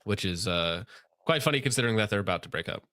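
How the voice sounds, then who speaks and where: A man's voice: lowish voice, lively intonation, quick pace, pushed and bright, no echo. A man hosting a casual commentary show, reading posts aloud and mocking them sarcastically. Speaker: show host.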